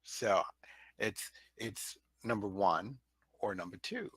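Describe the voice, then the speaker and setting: Dude at a tabletop game talking through options, bright lowish voice, dry. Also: male voice, takes it slowly, breathy edge, no room sound. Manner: thinks aloud, weighing options. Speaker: player. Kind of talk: casual tabletop game chat.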